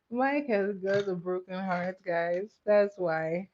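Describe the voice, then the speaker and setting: A woman's voice: lowish voice, slow pace, a little mellow, lo-fi sound, a little hiss or hum. Chatty woman streaming her makeup. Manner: chatty, reads and answers viewer comments, runs playful votes. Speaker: livestream makeup creator. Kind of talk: casual livestream chat while doing makeup.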